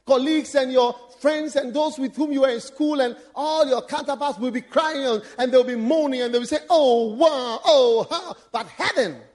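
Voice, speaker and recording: A man preaching a sermon as a bishop, animated, breaking into laughs and shouts for emphasis. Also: very high voice, brisk, few pauses.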